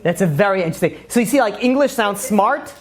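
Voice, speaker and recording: A man's voice: sits high, lively intonation, fast. A man, a rabbi giving a casual, joking class. He rambles through asides and self-mocking humor and fills his talk with "you know" and "like".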